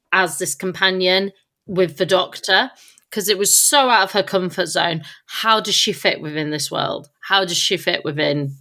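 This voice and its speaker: Bright-toned woman, chatty co-host. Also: lowish voice. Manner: chatty, agreeable. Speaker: podcast co-host. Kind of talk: casual chat. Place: on stage in a theatre.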